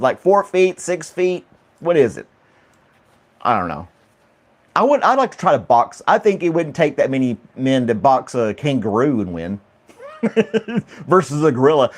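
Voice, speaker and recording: Man, casual stream host, chatty, rambling, laughs often. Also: medium pitch. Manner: laughs often, rambling, asks chat questions. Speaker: livestream host reading chat. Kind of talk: casual chat with viewers.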